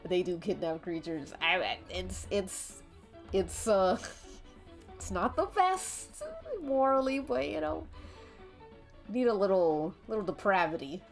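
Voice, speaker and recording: A woman's voice: medium pitch, very animated, slow. A woman streaming while she draws, chatting in a rambling, giggly way and swearing casually. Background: faint background music.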